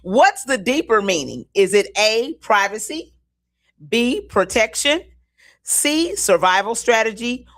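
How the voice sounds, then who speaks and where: A woman co-hosting a community show, reading trivia questions slowly and deliberately and laughing often. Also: a little high, very animated, a bit bright. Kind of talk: casual radio-style chat, game quiz.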